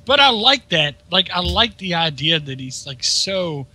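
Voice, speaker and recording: A man's voice: high-pitched, sing-song, unhurried, sharp tone. A man co-hosting a gameplay video, chatting casually, mocking and swearing often. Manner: crude, mocking, laughs often. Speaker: let's play co-host. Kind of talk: casual profane banter.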